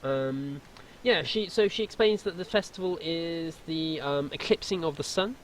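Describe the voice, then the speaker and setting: A man's voice: a little high, normal speed, slight background noise. A man running a tabletop role-playing game, explaining lore in a rambling way with lots of fillers. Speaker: game master.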